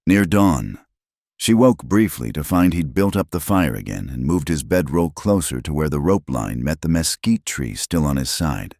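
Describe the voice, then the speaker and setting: A male narrator reads a frontier tale in a calm, unhurried, scripted delivery. His voice is extremely low and deep, captured in a dry, close-miked recording.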